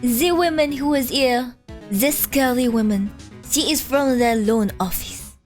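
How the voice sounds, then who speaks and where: A woman's voice: high-pitched, a little slow, darkish tone, faint music behind. A woman voicing a theatrical male French restaurant owner sunk in debt, with a put-on French accent and melodramatic, overwrought pleading, as she reads game dialogue on a stream.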